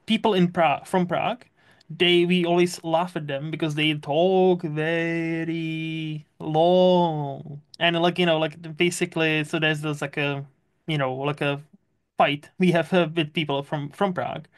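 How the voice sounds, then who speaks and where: Podcast host, chatty and laughy, mid pitch voice. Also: steady tone. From Czech Republic. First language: Czech. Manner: chatty, laughs often, quick asides. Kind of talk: casual chat.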